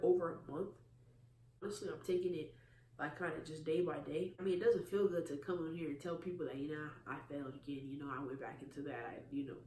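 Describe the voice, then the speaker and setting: A man's voice: a little high, a little hiss or hum. A man vlogging a personal faith testimony, earnest and confessional in tone. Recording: echoey room from a distance.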